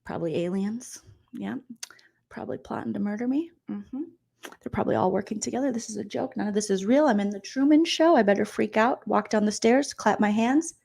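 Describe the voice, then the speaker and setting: A woman's voice: moderate pace, creaky, hardly any pauses, a little mellow. A woman doing a paranoid muttering woman. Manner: low conspiratorial muttering.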